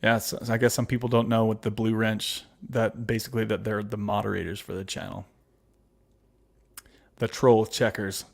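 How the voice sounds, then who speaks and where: A man's voice: lowish voice, little pitch movement, moderate pace, creaky. A man hosting a casual livestream, reading viewer comments aloud and answering them with fillers and laughs. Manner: chatty with frequent fillers and laughs. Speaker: livestream host.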